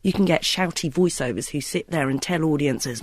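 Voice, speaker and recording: Male ad producer, interview; high pitch, plain explanatory tone, dry sound. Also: animated, a little fast, few pauses, dry recording. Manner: practical, matter-of-fact explaining. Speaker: radio commercials producer.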